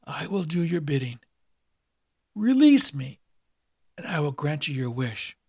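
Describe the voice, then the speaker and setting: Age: adult. Type: a man putting on a raspy undead hangman. Trait: whispery. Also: a little high, sing-song, dry recording, studio quality, voice pushed up, full character voice. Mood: menacing. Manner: slow, menacing. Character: undead male hangman, mocking and sinister.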